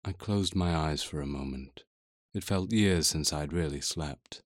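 Brief: male audiobook narrator, extremely low voice, measured and brooding delivery, dry booth sound. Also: dry recording. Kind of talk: scripted first-person audiobook narration.

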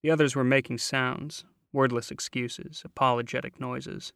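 A man narrating a novel in a measured, wry way, close to the mic. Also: medium pitch, fairly even intonation, gravelly, fairly bright tone, clear, resonant tone, dry recording. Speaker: audiobook narrator. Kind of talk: scripted narration.

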